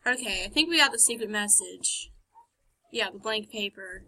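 A woman's voice: medium pitch, animated, moderate pace, bright, forceful tone, slightly rough, low-quality recording. A woman giving casual gameplay commentary, chatty and self-mocking, often muttering and whispering to herself. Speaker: game let's-player.

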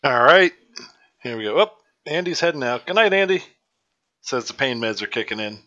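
A man's voice: medium pitch, expressive, normal speed, sharp tone, dull audio. A man hosting a casual group chat, cueing a video and reacting in short remarks. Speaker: host.

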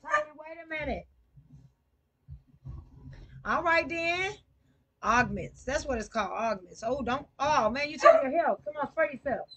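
A woman hosting a livestream, chatting casually and cheering on her teammate with excited, slangy play-by-play. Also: high-pitched, a little slow, long pauses. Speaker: livestream gamer host. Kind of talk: casual gaming chat.

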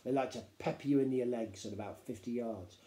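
A mischievous, lively father, spinning tales with a conspiratorial air, as a man reads him aloud. His voice is dark and mellow, and it bounces around an echoey room, in a storybook reading. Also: medium pitch, brisk, lightly acted. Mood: matter-of-fact. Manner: animated, conspiratorial.

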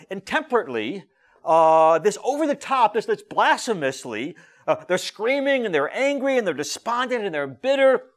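A man preaching a sermon as a rabbi, emphatic and lively, with frequent fillers and restarts. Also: sits high.

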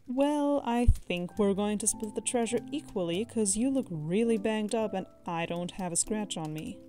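A woman's voice: mid-range voice, moderate pace, mellow, faint music behind, lightly acted. A woman voicing a cowardly, boastful male half-elf thief who talks in a theatrical, overconfident way. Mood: smug.

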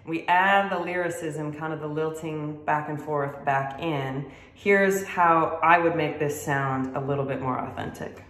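A woman's voice: low voice, measured pace, hardly any pauses, fairly bright tone. A woman fiddle teacher explaining styles in a friendly, casual, self-deprecating way. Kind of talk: casual instructional talk to camera. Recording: roomy echo.

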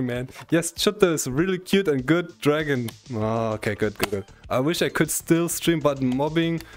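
A man with a German accent, a streamer chatting casually and teasingly with his viewers, stammering and restarting often, his voice a little worn. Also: on the high side. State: strained voice. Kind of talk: casual live-stream chat.

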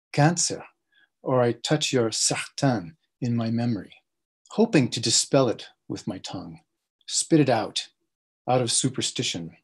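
A man who is a translator, reciting his English translation of a poem at a reading in a measured way. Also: medium pitch, a little mellow, husky. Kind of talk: poetry reading.

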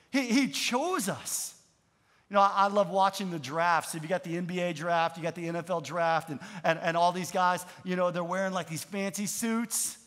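A middle-aged man preaching a sermon as pastor, moving from relaxed storytelling to emphatic calls and having the congregation repeat lines. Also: sits high, big-room sound. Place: large church hall.

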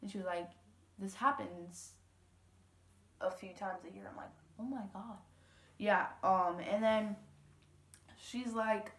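A teenage girl from Louisiana, USA, tells a story to the camera in a room at home, rambling casually with plenty of fillers and quoted dialogue. She's a vlogger with a mid-range voice, and the room is echoey.

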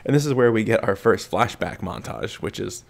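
Male podcast co-host, gravelly tone, lively pitch, giggly rambling delivery. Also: normal speed. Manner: laughing often, rambling with fillers. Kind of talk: casual movie discussion.

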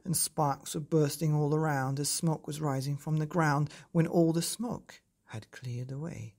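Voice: mid-range voice, unhurried. Rhythmic bedtime storyteller. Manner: lively, rhythmic read-aloud. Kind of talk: storybook reading in rhyme.

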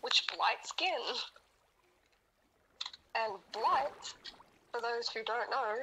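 A woman's voice: fairly high pitch, lively intonation, very slow, pushed and bright, a little hiss or hum, low-quality recording. A woman co-hosting a podcast, retelling a story in casual chat. She rambles, laughs and swears heavily. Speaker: podcast co-host.

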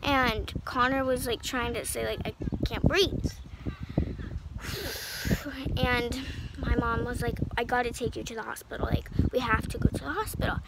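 Teen girl vlogger, high-pitched, chatty and rambling, noticeable background noise. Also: level tone, fairly quick, creaky. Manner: rambling, many "like" fillers. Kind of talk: casual storytime.

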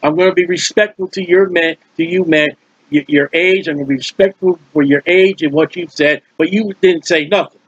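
A man's voice: fairly high pitch, steady tone, brisk, slightly rough, no echo. A male preacher teaching from the Bible in a conversational, emphatic way, repeating words for stress and adding folksy asides. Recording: dull, dry lo-fi recording.

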